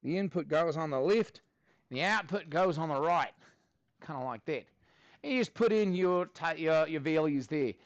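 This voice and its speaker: A man's voice: on the high side, lively intonation, normal speed, no room sound, lo-fi sound. A man teaching a middle school math lesson in a classroom, upbeat and chatty as he jokes with his students.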